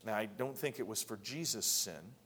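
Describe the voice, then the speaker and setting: A man preaching a sermon in a conversational way, often repeating words and building to emphatic high peaks. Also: moderate pace, fairly bright tone, breathy edge. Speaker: pastor.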